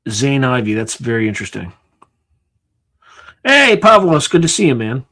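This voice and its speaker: A man's voice: medium pitch, big pitch swings, moderate pace, a bit bright. Tired, offhand male livestream host. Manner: offhand, sarcastic asides, thinking aloud. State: tired, yawning. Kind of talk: casual live-stream commentary.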